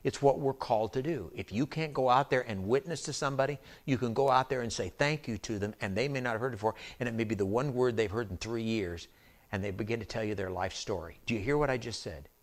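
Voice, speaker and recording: A man's voice: medium pitch, quick pace. A male pastor preaching a conversational sermon, calling out to the congregation to check they follow. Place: church sanctuary.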